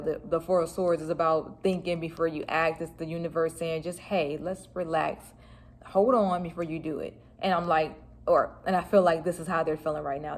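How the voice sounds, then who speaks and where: A woman giving a casual tarot reading to camera in a chatty, filler-heavy way, talking straight to her viewers. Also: low-pitched. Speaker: tarot reader.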